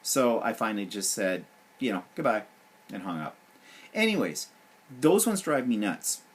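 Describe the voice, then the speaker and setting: A man's voice: fairly low pitch, wildly swooping pitch, moderate pace, breathy edge. A man hosting his weekly vlog, griping sarcastically and with animation. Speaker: vlog host. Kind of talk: casual vlog rant.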